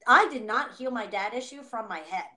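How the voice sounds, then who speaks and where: Animated woman reading tarot. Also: fairly high pitch, normal speed. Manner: animated, acts out inner voices, laughs often. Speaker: tarot reader co-host. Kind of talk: casual spiritual reading chat.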